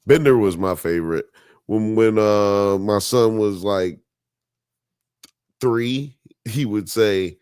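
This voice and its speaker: A man's voice: on the low side, takes it slowly, long pauses, a little mellow, clean tone, dry recording, studio quality. A man hosting a podcast live stream, chatting casually in a profane, joking, rambling way. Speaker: podcast host.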